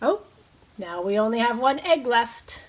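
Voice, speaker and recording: A woman teacher reading a picture book to young children, leading them in bird calls and counting with slow, encouraging delivery. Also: fairly high pitch, lively intonation, a little hiss or hum. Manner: slow, encouraging, leads bird-call imitations. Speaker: preschool teacher.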